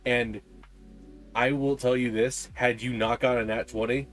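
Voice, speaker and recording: A man's voice: medium pitch, steady tone, normal speed, soft background music. A man narrating a tabletop game as game master, describing scenes with frequent ums and uhs.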